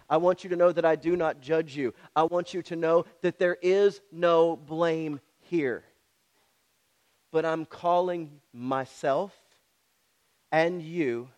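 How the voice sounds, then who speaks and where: Brief: male pastor, high pitch, direct and challenging sermon delivery. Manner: direct, repetitive and challenging, talks to the congregation.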